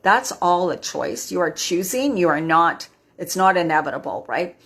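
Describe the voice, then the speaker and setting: A woman's voice: lowish voice, lively intonation, moderate pace, a bit bright, husky. A woman in her fifties giving an earnest motivational talk on a live stream, often ending her points with a questioning "right?". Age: 50s. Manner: earnest, tags lines with "right?". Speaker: midlife wellness host.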